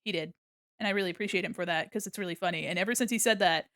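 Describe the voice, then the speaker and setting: A woman's voice: fairly low pitch, very fast, fairly bright tone, dry recording, studio quality. A woman chatting casually and rambling in a silly, giggly way on a livestream as she draws. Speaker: streamer. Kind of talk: casual livestream chat while drawing.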